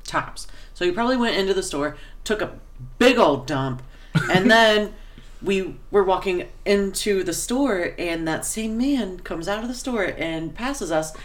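A woman's voice: medium pitch, expressive, unhurried. A young woman in casual podcast chat, telling a story animatedly and swearing a lot.

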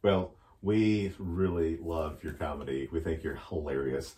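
A man's voice: very deep voice, steady tone, a little slow, mellow. A man co-hosting a podcast, chatting in a playful, teasing way. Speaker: podcast co-host. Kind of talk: casual podcast chat. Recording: echoey room, distant mic.

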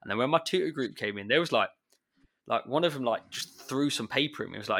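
Bright-voiced chatty man. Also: mid-range voice, quick pace, creaky. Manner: chatty, animated when retelling pupils. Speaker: secondary school maths teacher. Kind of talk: casual chat.

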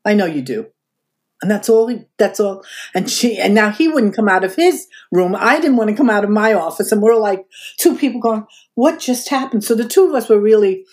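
Older woman telling an animated story. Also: medium pitch, brisk. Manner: animated, acts out quoted voices. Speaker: podcast guest. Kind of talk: interview storytelling.

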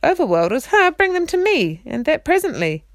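A woman's voice: medium pitch, lively intonation, moderate pace, dark tone, no echo, natural voice. Haughty young knight, as a woman reads him, storybook, formal old-fashioned speech, dry close sound. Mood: commanding. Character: proud courtly young man knight. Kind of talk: reading a storybook aloud.

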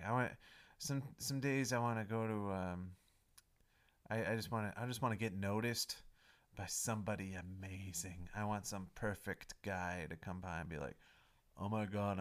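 A man's voice: on the low side, clean tone. Self-mocking man rambling a podcast intro. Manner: self-mocking, melodramatic swings between mumbling and loud pleading. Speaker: podcast host.

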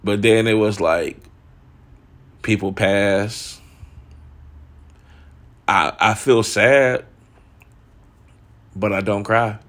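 Young man musing in a low, candid voice. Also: steady tone, drawn-out words, long pauses, fairly bright tone. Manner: candid, rambling, swears freely, says "like" and "dog" a lot. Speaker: podcast host. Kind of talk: casual reflective monologue.

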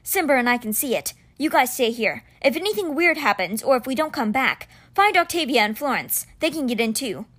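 A woman's voice: high voice, expressive, a little fast, few pauses, fairly bright tone. A woman reading a storybook aloud, voicing an earnest, anxious young male leader. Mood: urgent.

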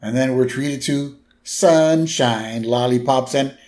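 A man's voice: medium pitch, takes it slowly, darkish tone. A man co-hosting a podcast, laid-back, chiming in with agreement while recapping a cartoon episode. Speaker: podcast co-host. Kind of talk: casual episode recap chat.

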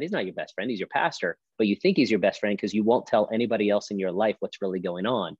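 A man's voice: fairly low pitch, fairly quick, darkish tone, slightly rough, no echo, highs cut off. A man speaking as a pastor on a podcast, emphatic and preacherly, driving his point with rhetorical questions. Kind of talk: podcast conversation.

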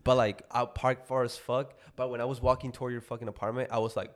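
A young man from Mexico co-hosting a podcast, chatting casually, profane and animated, with joking outbursts. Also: mid-range voice, fast talker. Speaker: podcast co-host. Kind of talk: casual chat.

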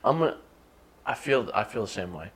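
A man's voice: fairly low pitch, expressive, brisk, a bit bright, breathy edge. A man co-hosting a podcast while drunk, rambling casually with plenty of swearing. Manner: rambling and profane. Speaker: podcast co-host. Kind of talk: casual chat.

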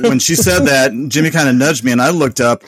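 A man's voice: mid-range voice, fairly quick, no room sound. A man co-hosting a podcast, telling a funny story with frequent laughter. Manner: laughing often, animated. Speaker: podcast co-host. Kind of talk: casual storytelling.

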